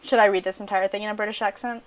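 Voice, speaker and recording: A woman's voice: medium pitch, flat delivery, racing. Frank, giggly American woman podcast host. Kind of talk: casual chat.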